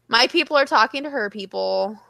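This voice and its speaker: A woman co-hosting a podcast in casual chat, playful and laughing often, mimicking others in high voices. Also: gravelly, bright, forceful tone, dry recording. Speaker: podcast co-host.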